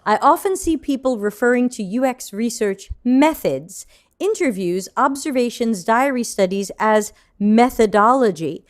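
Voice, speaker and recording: A woman's voice: fairly high pitch, a little slow. A woman hosting a casual online Q&A panel on a video call, joking and handing questions to her panelists. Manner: lively, joking, hands the floor to panelists. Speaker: panel host.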